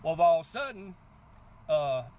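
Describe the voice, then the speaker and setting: A man hosting a crypto channel, telling a story in casual, animated talk and often asking "guess what" before his point. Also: on the high side, moderate pace, a little hiss or hum. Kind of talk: casual motivational talk to camera.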